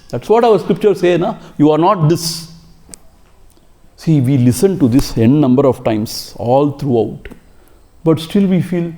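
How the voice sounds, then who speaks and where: Warm emphatic Indian English swami. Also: male voice, a little high. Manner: emphatic, exhorting, rhetorical questions. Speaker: swami teaching scripture. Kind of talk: spiritual lecture.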